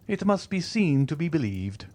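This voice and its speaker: A man plays a rich, coolly ironic nobleman in a storybook reading, his voice lifted noticeably higher than plain narration. The tone is smooth and mockingly polite, rising and falling in a lively way. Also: normal speed. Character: wealthy, suave, coolly ironic male nobleman. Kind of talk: audiobook character reading.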